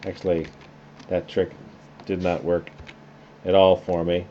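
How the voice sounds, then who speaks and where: A man teaching a class through a software tutorial, talking casually and thinking aloud as he works. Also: sits low, measured pace. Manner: relaxed, conversational, thinking aloud while clicking. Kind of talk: screen-recorded software tutorial. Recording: slightly dull lo-fi sound with faint noise.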